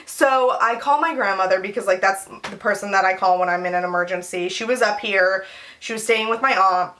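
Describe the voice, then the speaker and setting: A woman's voice: medium pitch, brisk, a little hiss or hum. A young woman telling a casual storytime vlog, rambling with lots of fillers. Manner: rambling, filler-heavy, animated retelling. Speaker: vlogger.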